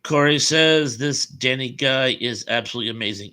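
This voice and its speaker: A man's voice: medium pitch, normal speed, bright, forceful tone. Give me an American man hosting a live stream chat, chatty and rambling. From United States. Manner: chatty, rambling anecdotes with fillers and chuckles. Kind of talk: casual live chat reading comments.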